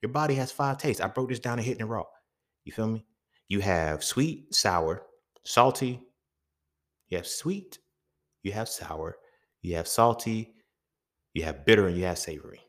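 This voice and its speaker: A man's voice: fairly low pitch, lively intonation, normal speed, long pauses, fairly bright tone. A man hosting a podcast, talking in a casual, profane monologue full of rhetorical questions. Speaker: podcast host.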